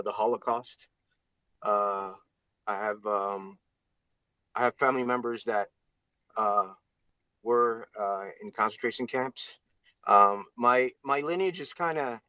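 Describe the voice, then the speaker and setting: Man, ordinary pitch, halting and filler-heavy, muffled dry call audio. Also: sharp tone, no room sound. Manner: halting, many fillers and restarts. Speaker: audience speaker. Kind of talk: casual live audio chat.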